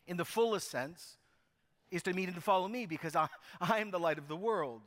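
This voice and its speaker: Male pastor, emphatic storyteller, slightly high voice, long hall reverb. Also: a little fast, a bit bright. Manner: emphatic, storytelling preacher with restarts. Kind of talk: sermon.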